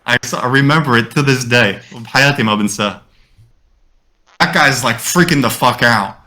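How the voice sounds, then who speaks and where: A man co-hosting a podcast, telling a story in a lively, casual way, swearing freely and slipping in Arabic phrases. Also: mid-range voice, fast talker. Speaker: podcast co-host.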